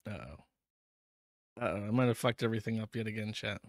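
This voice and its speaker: A man's voice: lowish voice, fairly quick, no echo. A man hosting a stream and giving casual, wry commentary over clips. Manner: dry, wry, rambling. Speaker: show host.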